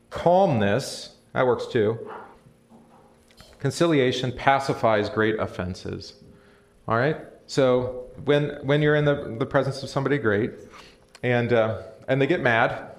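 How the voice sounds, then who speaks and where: Guy pastor doing a relaxed bible study, chats with the room, asks stuff, average pitch. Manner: conversational, asks the room questions, chuckles. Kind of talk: casual Bible study teaching. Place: church or classroom. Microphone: live stream mic.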